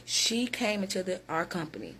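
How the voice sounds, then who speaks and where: A woman's voice: on the low side, big pitch swings, normal speed, fairly bright tone, a little hiss or hum. Direct, emphatic woman giving career advice. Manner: direct, emphatic, speaks straight to viewers. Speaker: hiring manager. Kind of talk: motivational vlog talk.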